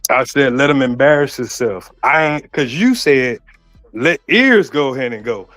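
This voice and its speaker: A man's voice: medium pitch, lively intonation, normal speed, fairly bright tone, soft background music. A man arguing on an online panel, defensive and repeating himself. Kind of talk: heated argument.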